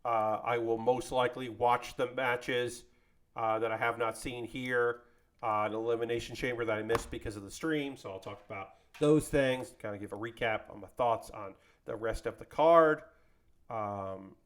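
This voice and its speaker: Here a man with a mid-range voice speaks at a moderate pace, putting together a model kit on a live stream. He chats casually with viewers, rambling, animated and joking, and addresses the chat directly.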